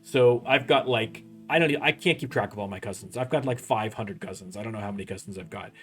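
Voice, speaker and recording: A man's voice: fairly low pitch, fast talker, fairly bright tone, soft background music. A young Canadian man hosting a casual let's-play, rambling and joking as he plays. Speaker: gaming channel host.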